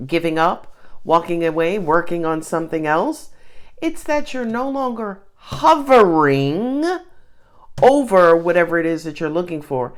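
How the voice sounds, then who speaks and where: Chatty woman giving a tarot reading. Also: on the low side. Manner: chatty, emphatic, frequent asides and quoted voices. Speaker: tarot reader. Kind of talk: casual tarot reading monologue.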